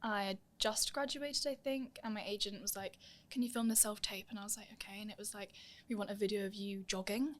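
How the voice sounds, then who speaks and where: A woman's voice: mid-range voice, steady tone, fairly quick. A young woman telling stories in a casual interview, acting out the voices of people she quotes. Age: young adult. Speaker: guest, musical theatre performer.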